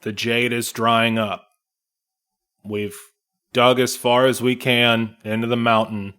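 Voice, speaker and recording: A man doing a deadpan, monotone dwarf. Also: medium pitch, takes it slowly, clean tone. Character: flat, expressionless male dwarf guard.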